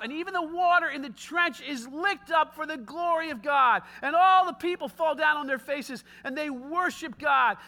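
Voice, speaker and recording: A man preaching a sermon, retelling a scripture story with lively, casual asides. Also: very high voice.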